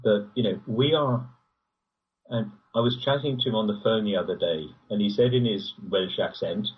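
A man with a very husky, breathy voice and a fairly low pitch, caught from a distance on a dull lo-fi recording. He talks in long rambling runs, his pitch leaping up whenever he presses a point. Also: normal speed. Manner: rambling, animated, pitch jumps when emphatic. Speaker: guest. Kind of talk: conversational interview.

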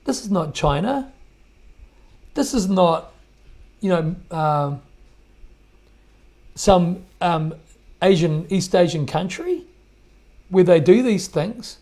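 Indignant New podcast man, gravelly. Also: high-pitched, lively intonation, takes it slowly, pauses often, mellow. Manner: indignant, emphatic, repeats himself. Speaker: podcast host. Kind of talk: commentary on played clips.

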